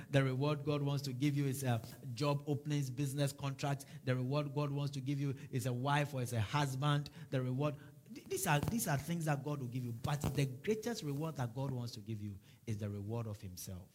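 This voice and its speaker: Fervent male pastor preaching. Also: a little high. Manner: fervent preaching with repeated declarations. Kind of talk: sermon.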